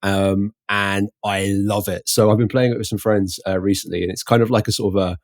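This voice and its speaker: Producer type, male, lower voice, halting casual delivery, dry sound. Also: little pitch movement, dry recording. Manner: hesitant, lots of fillers. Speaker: podcast producer. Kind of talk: casual podcast chat.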